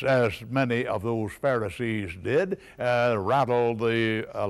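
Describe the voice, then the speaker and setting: A man's voice: mid-range voice, gravelly. Emphatic male preacher with many fillers. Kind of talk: sermon.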